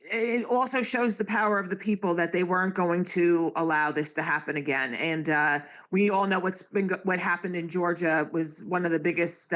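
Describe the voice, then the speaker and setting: A panelist on a live stream with a bright, forceful tone. The speech rambles along with lots of "you know" and "um". The pitch sits in the middle range. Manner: rambling, many fillers. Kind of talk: casual political chat.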